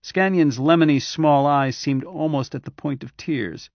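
A man reading a science fiction novel aloud in steady, measured scripted narration. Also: a little high, no room sound, muffled recording. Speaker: audiobook narrator.

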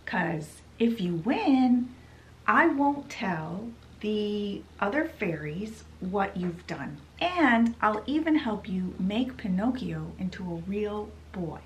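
A woman voicing a scheming female fairy rival, slow and teasing in a sly, sneering way. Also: medium pitch, big pitch swings, a little hiss or hum. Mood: sly taunting.

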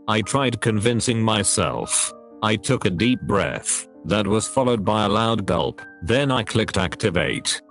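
Computer guy voice reading a creepy story, kinda low and gravelly, real flat. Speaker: narrator. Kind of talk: synthetic text-to-speech horror story narration.

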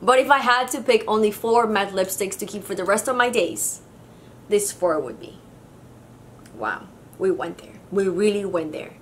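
A woman's voice: medium pitch, expressive, normal speed, a bit bright, slight background noise. A woman from Mexico with a Mexican Spanish accent, giving a chatty, gushing makeup review full of fillers. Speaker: beauty vlogger.

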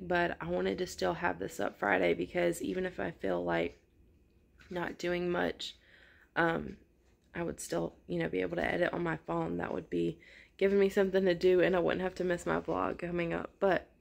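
A woman vlogging casually with a sore throat, talking low in a scratchy voice. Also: creaky. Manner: rambling, many fillers. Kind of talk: casual vlog chat.

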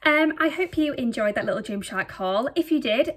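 A young woman talks casually through a clothing haul, a little breathless. Her voice sits slightly high, and she chats in a giggly way full of fillers. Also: animated, normal speed. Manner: chatty, giggly, lots of fillers. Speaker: vlogger. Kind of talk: casual try-on haul chat.

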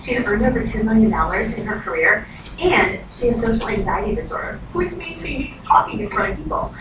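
A woman's voice: a little high, expressive, fairly quick. A woman in her thirties, a direct sales consultant, giving a chatty training talk and acting out quoted voices. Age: 30s. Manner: chatty, acts out quoted voices, says "like" often. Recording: echoey, noisy room from far off.

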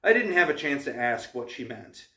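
A man reading a novel aloud for his channel, in steady narration with small stumbles. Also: medium pitch, moderate pace. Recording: roomy, distant mic.

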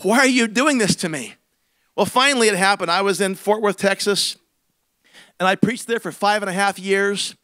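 A middle-aged man, a senior pastor, telling a comic story in a sermon with big swings between loud and hushed. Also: sits high, moderate pace, no echo.

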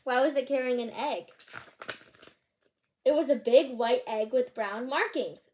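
A woman reads picture books aloud in a slightly high voice. She is bubbly and chatty, dropping little asides between the lines. Now and then she trips over a character's name. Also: measured pace, pauses often, a little mellow, slight background noise. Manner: occasional stumbles over names. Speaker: channel host reading aloud.

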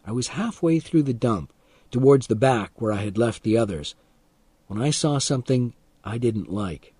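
A man reading a first-person story aloud as an audiobook narrator, calm and expressive, for English learners. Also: mid-range voice, normal speed, slightly rough, no echo.

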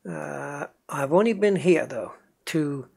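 A man's voice: fairly high pitch, takes it slowly, creaky, a little mellow, breathy edge. A man from northeast England, with a faint accent from there, chatting casually as he plays a truck game and answers viewers. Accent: faint northeast English. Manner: chatty, talks to himself and chat while driving. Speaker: gaming channel host. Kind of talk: casual gameplay commentary.

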